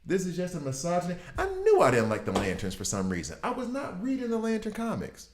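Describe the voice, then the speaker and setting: A man in his thirties giving casual gameplay commentary, riffing in an animated, exasperated way. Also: sits high, quick pace, background noise. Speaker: gaming video host. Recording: roomy echo.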